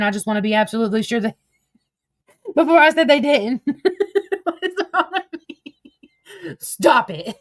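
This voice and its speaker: Chatty woman reading her messages aloud. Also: mid-range voice. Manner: chatty and profane, laughs often, digresses. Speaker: commentator. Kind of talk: casual commentary reading text messages aloud.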